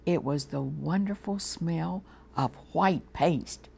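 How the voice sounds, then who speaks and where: A woman with an American accent reading a storybook aloud to children on a TV show, slow and gently expressive. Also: sits low, vocal fry, breathy edge. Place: TV studio.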